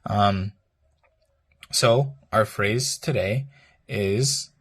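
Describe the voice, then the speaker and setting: Slow, husky-voiced man teaching a lesson. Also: lowish voice, expressive. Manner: hesitant, many ums and restarts, repeats phrases slowly. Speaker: language teacher. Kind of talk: explaining a language lesson.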